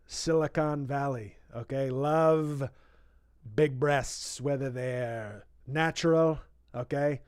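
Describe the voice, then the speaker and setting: A man's voice: mid-range voice, a little mellow, no room sound, studio quality, close to an everyday voice. A man doing a boastful rambling politician. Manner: boastful, rambling, interrupts his own reading with asides. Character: boastful rambling older male politician, self-praising. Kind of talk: comic impression reading a book aloud.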